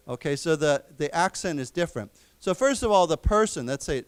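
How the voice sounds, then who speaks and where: A man's voice: a little high, expressive, clear, resonant tone. Man teaching English words. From United States. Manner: explains words slowly, repeats them. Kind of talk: lecture. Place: library lecture room.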